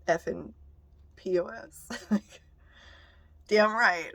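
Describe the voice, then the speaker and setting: A woman's voice: lowish voice, moderate pace, long pauses, a bit bright, no echo. A young woman vlogger telling stories to the camera in a blunt, profane, casual way. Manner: blunt and profane, laughing between remarks.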